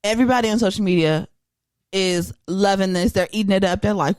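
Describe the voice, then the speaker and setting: A woman hosting a casual podcast chat, retelling a story with lively energy and acting out the voices of the people in it. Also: mid-range voice, fairly quick, dry recording. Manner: animated storyteller who acts out voices. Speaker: podcast host.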